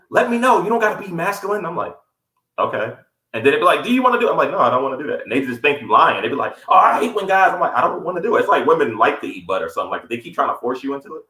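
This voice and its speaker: A man co-hosting a podcast, telling a story in casual chat and acting out the quotes with a raised voice. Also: fairly high pitch. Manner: animated, acts out quotes in a raised voice. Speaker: podcast co-host. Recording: echoey room.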